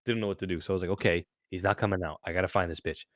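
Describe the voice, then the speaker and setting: Young male podcast co-host, low-pitched, lively sweary storyteller, dry recording. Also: rapid-fire, dry recording. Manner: animated storytelling, swears often. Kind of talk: casual chat.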